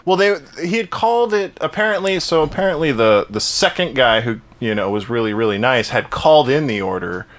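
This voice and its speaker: A man's voice: mid-range voice, animated, brisk, hardly any pauses, fairly bright tone. Rambling young man telling work stories. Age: young adult. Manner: rambling storyteller, swearing, many restarts. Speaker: podcast co-host. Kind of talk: casual chat.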